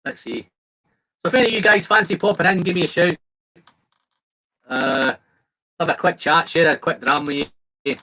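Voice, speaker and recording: A man's voice: on the high side, normal speed, long pauses, pushed and bright, rough recording. Chatty man hosting a live stream. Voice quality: chatty, swears, laughs often. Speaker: livestream host. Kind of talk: casual chat.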